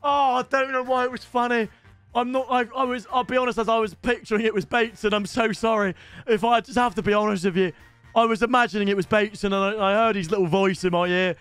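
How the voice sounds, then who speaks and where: A man's voice: high-pitched, fairly even intonation, quick pace, fairly bright tone, smooth, faint music behind. A man hosting a reaction video, chatting casually and poking fun at himself as he talks to his viewers. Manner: chatty, self-mocking, lots of restarts.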